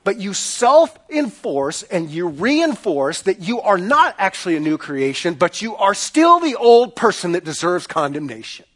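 A man's voice: high voice, big pitch swings, unhurried, few pauses, fairly bright tone. A middle-aged man preaching a sermon as a pastor, in an emphatic, repetitive preaching cadence.

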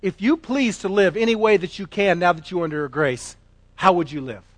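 Emphatic high-voiced male preacher. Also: normal speed, dry recording. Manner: emphatic, swinging from loud declarations to quiet asides. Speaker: pastor. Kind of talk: sermon.

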